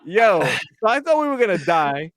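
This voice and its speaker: A man guest on a podcast, telling a lively anecdote and acting out the voices of the people in it. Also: sits high, normal speed, no room sound, clean studio sound. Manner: animated, acts out voices in his anecdote. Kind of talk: storytelling on a podcast.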